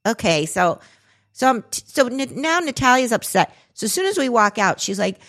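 A woman in her forties tells a story on a podcast, and her pitch swoops widely as she acts out every quote. She talks in an easy, conversational way. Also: brisk. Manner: animated, acts out quotes with big pitch jumps. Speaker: podcast co-host. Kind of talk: casual storytelling chat.

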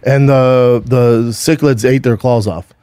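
A man's voice: medium pitch, fairly even intonation, slow pace, warm tone, clean tone, dry recording, studio quality. A middle-aged man co-hosting a podcast, telling stories in a rambling, profane, casual way with lots of restarts. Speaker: podcast co-host. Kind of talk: casual chat.

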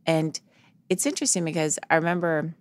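A woman's voice: deep voice, brisk, no echo. A woman psychologist, a guest in a podcast interview, telling stories earnestly and acting out the quoted dialogue.

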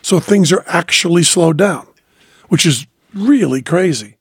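A man's voice: on the high side, expressive, a little slow, slightly rough, dry recording, clean studio sound. A man hosting a podcast, telling stories in a reflective way with many fillers and restarts. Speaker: podcast host. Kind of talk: casual conversation.

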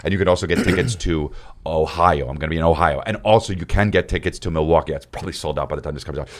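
A man chatting casually on a podcast, riffing in a quick, profane, joking way. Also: rumbling low. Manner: fast, animated, profane riffing. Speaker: comedian podcast guest.

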